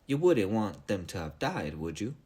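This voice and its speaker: Man doing a chill patient spaceship pilot lady, low voice, calm explaining. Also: normal speed, husky.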